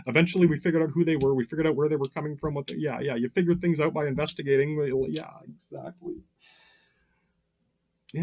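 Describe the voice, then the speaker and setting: A man hosting a podcast, delivering a rambling, profane monologue that keeps breaking off into "yeah" and restarts. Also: a little high. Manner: profane, restless, self-interrupting with frequent "yeah" fillers. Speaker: podcast host.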